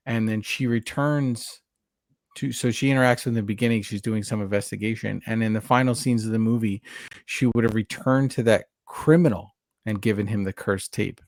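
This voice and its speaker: A man's voice: medium pitch, no room sound, clean studio sound. A man co-hosting a podcast, talking casually and at length, often restarting his sentences as he recaps scenes. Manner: rambling, self-correcting, animated recaps. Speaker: podcast co-host. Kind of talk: casual chat about a horror movie.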